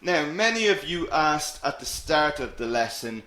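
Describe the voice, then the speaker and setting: A man teaching an English lesson with a lively, swooping delivery that keeps checking in with the class. He takes his time over each word, with self-mocking asides. His voice sits a little high and rings in an echoey room. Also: unhurried. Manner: lively, animated explaining with many "okay?" checks. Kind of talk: live online English lesson.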